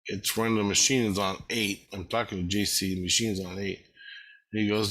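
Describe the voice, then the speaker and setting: A man's voice: on the low side, flat delivery, normal speed, a bit bright. A man telling a rambling, repetitive personal story, with frequent swearing.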